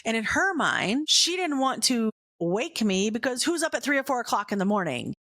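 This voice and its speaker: A woman with a somewhat high voice and moderate pace tells a personal story on her faith podcast. She's chatty and animated, saying "right?" and "like" often, and goes hushed when retelling the scary moments.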